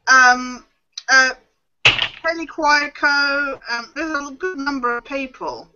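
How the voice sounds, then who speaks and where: A woman's voice: high-pitched, slow, heavy background noise. A woman co-hosting a casual live film chat. She hesitates a lot with ums, over lo-fi online call audio. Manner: chatty, hesitant, full of ums. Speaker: co-host.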